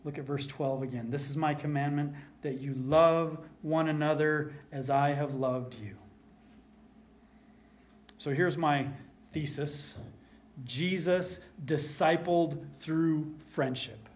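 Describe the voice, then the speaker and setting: A man preaching a sermon as pastor, earnest, repeating key lines for emphasis and dropping to a soft hush at times. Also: on the high side, fairly even intonation, a little slow.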